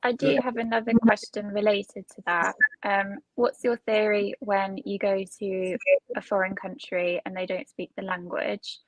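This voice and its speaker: A woman's voice: mid-range voice, flat delivery, unhurried, no echo, low-quality recording. A woman who is a guest on a casual chat, asking one question after another. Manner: inquisitive, asks many questions.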